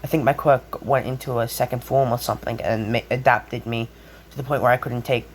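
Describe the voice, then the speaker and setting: A man's voice: mid-range voice, flat delivery, a little fast, a little hiss or hum, natural voice. A man voicing an earnest, protective teenage boy hero who speaks in a sincere, pleading way, close to his own voice.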